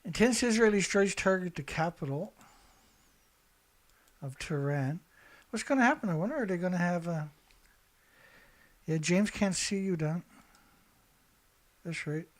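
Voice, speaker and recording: Middle-aged guy rambling on his live show, bit high voice, keeps clearing his throat. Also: measured pace, pauses often. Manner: rambling, chatty, frequent throat-clearing, swears. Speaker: show host. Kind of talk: casual livestream commentary.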